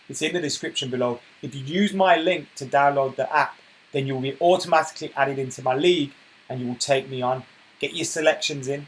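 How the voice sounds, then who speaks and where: A man hosting a casual football live stream, chatting and reading viewer comments aloud, getting loud and worked up when he rants. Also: on the high side, rough recording. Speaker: football channel host reading live chat.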